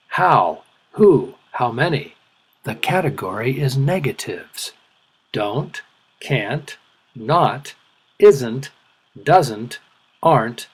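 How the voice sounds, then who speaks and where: A man teaching English as a second language, speaking deliberately and stressing words clearly. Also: fairly high pitch, a bit bright. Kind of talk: slow, deliberate ESL lesson.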